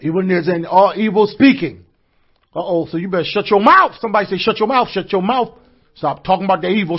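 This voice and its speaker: A man with a high voice preaches a sermon, calling out to his congregation for answers and building into shouts. The recording is dull and lo-fi. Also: quick pace, breathy edge. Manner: call-and-response preaching, rising to shouts. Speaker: pastor.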